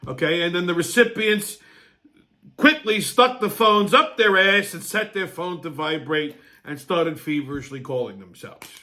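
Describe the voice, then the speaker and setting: A man's voice: high-pitched, moderate pace, sharp tone. A man hosting a comedy show, delivering a crude, brash rant full of swearing and mock outrage. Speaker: show host.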